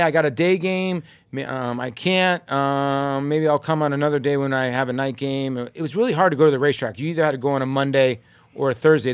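A former baseball player who co-hosts a podcast tells a long, casual story, jumping animatedly into the voices of people he quotes and saying "um" a lot. His voice is fairly high and smooth with vocal fry, recorded dry.

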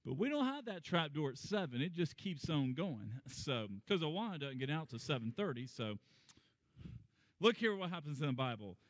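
Pastor guy preaching, kinda high voice, chatty but gets loud and high on the big points, close dry mic with a faint hall tail. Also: very animated, normal speed. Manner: conversational preaching that climbs in pitch and volume for emphasis. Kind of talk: sermon.

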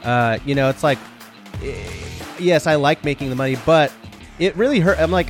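A man's voice: a little high, moderate pace, soft background music. A man co-hosting a podcast in casual, jokey banter with a rambling delivery. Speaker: podcast co-host.

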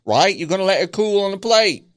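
A man's voice: high voice, expressive, a little fast, a bit bright. A man co-hosting a podcast in casual banter, swearing playfully and putting on a mock-British manner. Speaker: podcast co-host.

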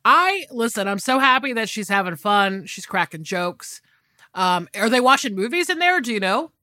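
A woman's voice: mid-range voice, very animated, moderate pace, sharp tone, no room sound, clean studio sound. A woman co-hosting a podcast in casual chat, laughing and encouraging with short replies. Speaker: podcast co-host.

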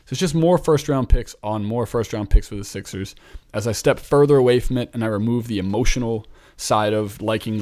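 A man from Philadelphia hosts a basketball talk show at an ordinary, mid-range pitch. He rambles and thinks aloud in a chatty, unscripted way. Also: darkish tone. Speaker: basketball podcast host. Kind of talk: casual sports talk.

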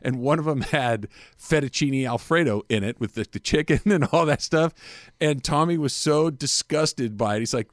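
A man's voice: mid-range voice, moderate pace, dry recording, clean studio sound. A man hosting a sports radio show, chatting casually and telling stories with frequent laughter. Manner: laughs often, animated storytelling. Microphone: studio microphone.

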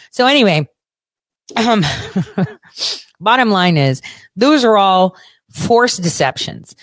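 A woman with a slightly low voice delivers a blunt, profane monologue. Her tone is sarcastic and combative. The recording is dry, with no room sound. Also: no echo. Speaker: podcast host. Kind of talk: ranting monologue.

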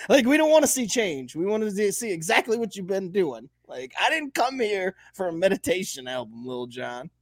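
Podcast dude going off, super animated, swearing, dry close mic. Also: male voice, high voice, moderate pace, dry recording. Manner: animated ranting, swears a lot. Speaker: podcast co-host. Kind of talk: casual chat.

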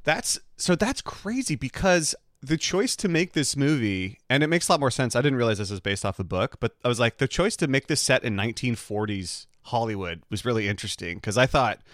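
A man co-hosting a podcast, rambling and animated in casual chat, often restarting his sentences. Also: medium pitch, a little fast, few pauses, dry recording, studio quality. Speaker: podcast co-host.

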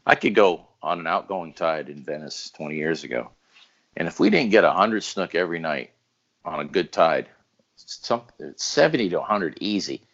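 Low-voiced, animated male storyteller in a casual podcast, muffled lo-fi sound. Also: normal speed. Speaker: guest storyteller.

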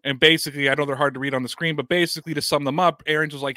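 Talking very fast in a slightly high voice with no echo, a man on his sports podcast discusses football news casually. Animated, he reads quotes aloud and fires off rhetorical questions.

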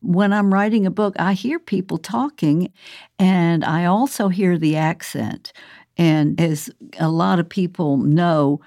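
A woman's voice: lowish voice, a little slow, gravelly, a little mellow, no echo, studio quality. An older woman from the American South, an author speaking casually about her work, chatty and often laughing. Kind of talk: casual recorded monologue.

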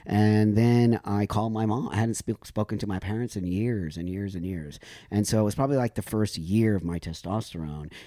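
A man's voice: fairly low pitch, moderate pace, warm tone, no echo, studio quality. A man talking openly and with feeling as a podcast guest, telling personal stories and backing up the hosts. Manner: emotional, open, affirming. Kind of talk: candid podcast storytelling.

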